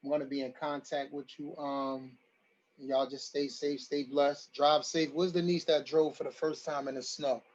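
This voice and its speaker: A man's voice: on the high side, level tone, normal speed, dull audio. A man hosting an online community forum, talking emphatically and repeating his lines for stress. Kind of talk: livestream community address.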